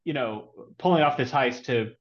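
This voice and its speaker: Male podcast guest, mid-pitched, halting and thoughtful; lo-fi, muffled sound. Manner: hesitant, many restarts and fillers, thoughtful. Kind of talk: casual movie discussion. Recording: dull lo-fi sound.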